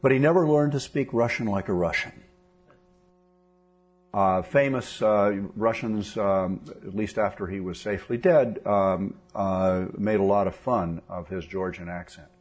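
A man's voice: on the low side, measured pace. A man interviewing an author, asking long questions with many fillers and restarts.

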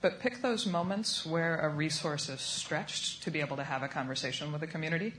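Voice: mid-range voice, a little fast, fairly bright tone, a little hiss or hum. A panelist answering in a panel discussion, confident and emphatic. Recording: echoey room.

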